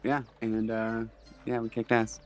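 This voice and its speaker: A man's voice: on the low side, completely flat delivery, unhurried, soft background music. A man, a player in a tabletop game, recapping in a hesitant, laid-back way. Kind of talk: casual chat.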